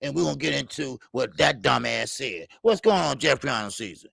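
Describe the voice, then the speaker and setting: A man's voice: mid-range voice, lively intonation, fairly quick, vocal fry, fairly bright tone, slightly rough, no room sound. A middle-aged man hosting a boxing talk stream, ranting heatedly and swearing often, repeating himself and reacting to the chat. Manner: profane, heated, repetitive ranting. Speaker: boxing talk show host. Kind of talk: live stream rant reading chat.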